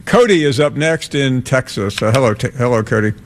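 A man hosting a sports talk radio show, taking calls and giving measured analysis with some hesitant fillers. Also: medium pitch, animated, slight background noise.

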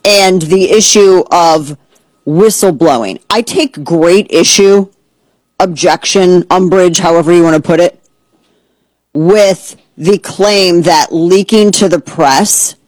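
A woman's voice: on the low side, expressive, slow, darkish tone, dry recording, low-quality recording. A woman hosting a political talk radio program, speaking in a heated, blunt and sarcastic way. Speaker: radio host.

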